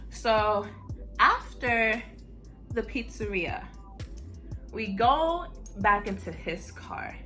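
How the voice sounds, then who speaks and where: A woman's voice: a little high, extremely slow, pauses often, soft background music. A young woman telling a story in a casual, blunt way, full of "like" and swearing. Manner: animated, heavy use of "like", blunt and profane. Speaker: vlogger.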